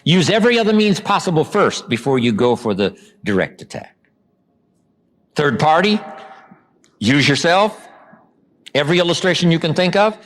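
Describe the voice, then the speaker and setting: Animated older man giving a motivational talk. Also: a little high. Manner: animated, acts out quotes with dramatic pauses. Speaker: motivational speaker.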